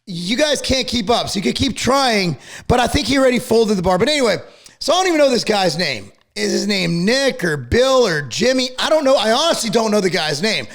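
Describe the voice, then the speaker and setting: A middle-aged man ranting to camera about a feud, angry, profane and worked up to the point of yelling. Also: high voice, big pitch swings, fairly quick. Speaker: fitness company owner and channel host.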